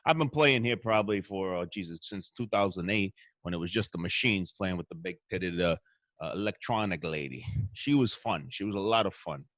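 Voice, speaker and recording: A man's voice: low-pitched, fairly quick, a bit bright, no room sound. A man guest-hosting a show with a crude, rambling and boastful comic monologue from a hotel room. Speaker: stand-in host.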